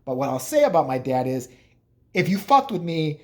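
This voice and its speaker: At a moderate pace and in a slightly high, very animated voice, a man vlogs casually. He tells rambling, profane, joking stories about his family in a casual storytelling style.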